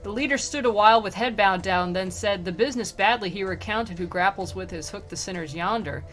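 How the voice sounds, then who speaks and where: A woman's voice: mid-range voice, fairly quick, fairly bright tone. A woman streamer casually retelling a story and reading verse aloud, chatty and wry, with lots of fillers. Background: faint music.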